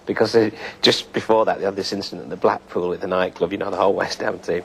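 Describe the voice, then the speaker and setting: Low-voiced older man telling football stories. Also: steady tone, vocal fry, slight background noise. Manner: unhurried storytelling with fillers. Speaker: former footballer interviewee. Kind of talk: reminiscing interview.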